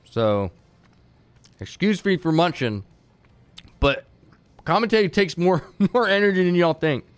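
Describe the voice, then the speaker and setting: A man's voice: high voice, animated, a little slow, clear, resonant tone, no room sound. Chatty man hosting a live tournament stream. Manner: chatty and rambling, with many fillers and restarts; talks straight to his chat. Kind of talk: casual live-stream commentary.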